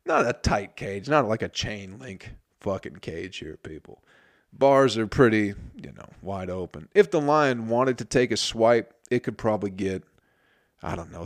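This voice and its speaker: A man telling a story in a casual comedic monologue, profane and rambling, often interrupting himself. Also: on the low side.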